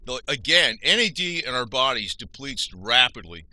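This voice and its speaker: A man's voice: medium pitch, sing-song, normal speed, pushed and bright, no echo, rough recording. A man giving an unscripted health talk, rambling with frequent restarts and self-corrections.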